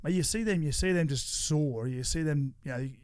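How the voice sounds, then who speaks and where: Aussie bloke in his 40s, guest on a chat show, kinda high voice, swears a lot, rambles. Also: moderate pace, clean tone, dry recording, clean studio sound. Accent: Australian. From Australia. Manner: swears freely, rambling animated storytelling. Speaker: podcast guest. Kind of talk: casual chat.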